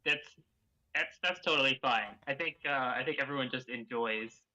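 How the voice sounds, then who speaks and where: A man's voice: medium pitch, normal speed, pushed and bright, poor audio. A man chatting on a casual reading stream, hesitant and full of ums, but kind and reassuring. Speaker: guest reader.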